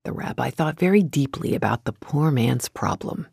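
A storyteller narrates a folktale in a steady, gentle storybook manner. The voice is gravelly and husky, at a middle pitch. The sound is dry and close to the mic. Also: normal speed, dry recording.

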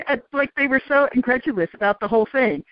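A woman telling a story as an interview guest, calm and animated, often laughing. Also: high voice, fast talker. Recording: dull, dry radio sound.

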